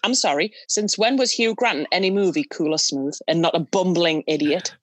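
A woman's voice: lowish voice, brisk, no echo. A woman with a Northeast English accent in casual podcast chat, blunt and sweary.

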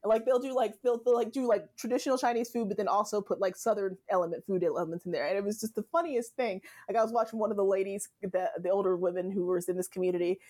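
Chatty woman guest, mid-pitched, loose and laughing. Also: fast, hardly any pauses, mellow. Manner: chatty, laughs often, many fillers. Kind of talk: casual conversation. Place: Southern United States.

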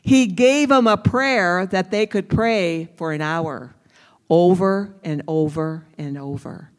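Slow emphatic preacher, keeps repeating stuff, talks right at the crowd, lots of hall echo. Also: mid-range voice, clean tone. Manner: emphatic, repeats phrases, calls on listeners directly. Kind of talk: sermon.

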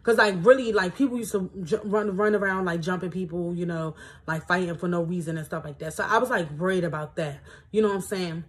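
Husky rambling woman from D.C. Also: fairly low pitch, steady tone, a little fast, hardly any pauses. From Washington, D.C. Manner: loose and rambling, heavy fillers, reflective. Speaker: podcast host. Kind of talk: casual personal reflection, reading from a self-help book.

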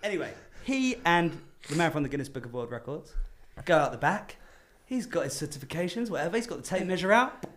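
A male podcast host spinning a story in a casual, chatty way and laughing along with it. His voice sits high and swoops over a wide range. The delivery stays loose and energetic. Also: fast, a little hiss or hum.

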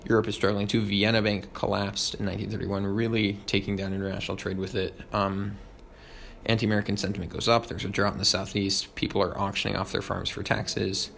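A young man reviewing history fast, with lots of ums and uhs, over faint background noise. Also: on the low side, flat delivery, gravelly, a bit bright. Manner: quick, with many ums and uhs. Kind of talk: rapid study review.

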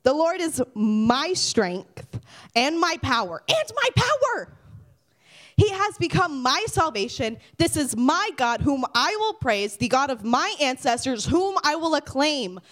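A young woman giving a casual devotional talk to teens, lively and conversational, swinging from loud to hushed. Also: sits high, measured pace. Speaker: youth speaker.

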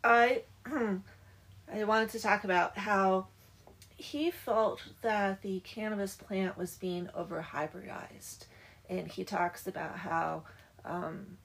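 A woman in a casual book discussion, agreeable and lively as she retells scenes. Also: medium pitch, slow, gravelly, low-quality recording.

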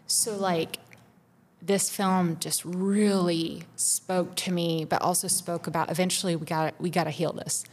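A woman's voice: fairly low pitch, level tone, measured pace. A woman co-hosting a podcast, pouring out a raw, intense personal confession with frequent swearing. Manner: raw, intense, profane, rising to tearful. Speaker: podcast co-host.

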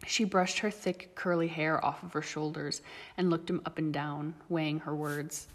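A woman reading a story aloud as narrator, steady and even. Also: low-pitched, moderate pace. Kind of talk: audiobook reading of fan fiction. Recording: long reverb.

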